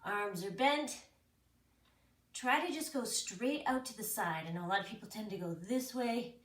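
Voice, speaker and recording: A woman's voice: on the high side, moderate pace. A woman fitness instructor leading a home workout, chatty and self-mocking, cueing moves and counting down the seconds. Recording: echoey room, mic at a distance, noisy.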